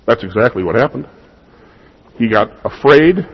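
A man preaching a sermon in a husky voice, in a conversational style with rhetorical questions to the congregation, in what sounds like a church. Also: mid-range voice, expressive, moderate pace. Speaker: pastor. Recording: dull lo-fi recording.

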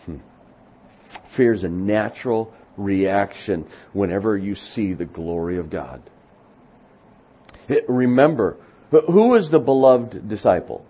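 Man, pastor, sermon, husky, slow deliberate delivery, slightly muffled recording. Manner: builds from slow, low emphasis to loud excited peaks.

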